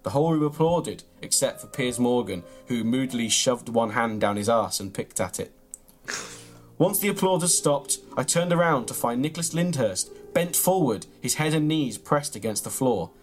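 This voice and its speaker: A man, reading his own absurd comic story in a deadpan, mock-grand way, then bantering. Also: medium pitch, normal speed, soft background music. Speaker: comedian reading his own tall tale.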